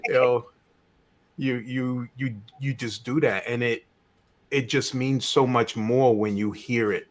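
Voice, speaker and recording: A man's voice: medium pitch, steady tone, a little slow. A man speaking as a panelist, agreeing easily and talking in a laid-back way. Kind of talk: casual panel discussion.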